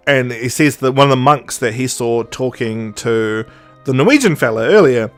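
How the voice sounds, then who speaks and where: A man hosting a podcast speaks a little slowly in a mid-range voice, with soft music in the background. He tells a story casually and animatedly, laughing while he acts out the quoted dialogue.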